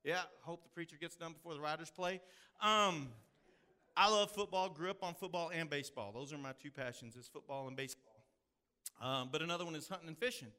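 Man, Texan accent, pastor, folksy storytelling sermon, bright tone. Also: a little high, fairly quick, smooth. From Texas hill country. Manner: folksy storytelling with drawled phrases.

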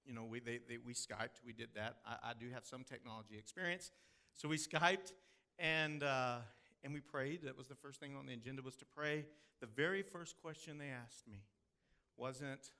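A man's voice: medium pitch, steady tone, moderate pace, vocal fry, bright, forceful tone. A man from the Texas hill country with a Texan accent, preaching a sermon as pastor in folksy storytelling style. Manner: folksy storytelling with drawled phrases.

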